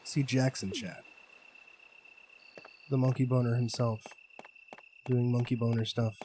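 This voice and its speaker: A man's voice: medium pitch, flat delivery, unhurried, dark tone, slight background noise. A man streaming a horror game, chatting casually with his viewers in a rambling, profane, joking way. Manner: rambling, profane, jokey, talks to chat. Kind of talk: casual gameplay commentary.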